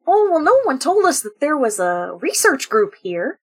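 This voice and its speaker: A woman's voice: high-pitched, big pitch swings, moderate pace. A woman putting on the voice of a goofy, cheerful camping dad with a folksy, chummy manner.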